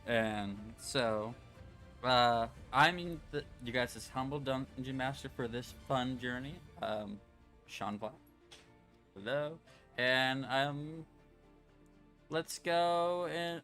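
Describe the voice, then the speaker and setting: A man running a tabletop game as dungeon master, talking slowly with many fillers and pauses. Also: medium pitch, a bit bright, soft background music. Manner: slow, halting, with fillers. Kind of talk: casual chat and game narration.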